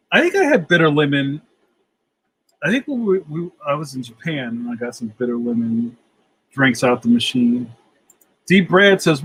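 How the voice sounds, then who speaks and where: A man's voice: a little high, fairly bright tone, slightly rough, low-quality recording. A middle-aged man hosting a casual livestream, reading out chat comments, laughing easily, and saying "yo" a lot. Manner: laughs often, says "yo".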